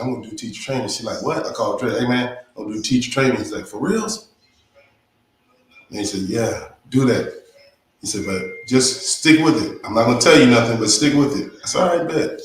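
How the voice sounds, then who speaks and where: A man telling a casual story about his path to yoga, acting out the lines of his friends. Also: mid-range voice. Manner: animated, acts out quotes. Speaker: guest, yoga teacher. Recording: echoey room, faint noise.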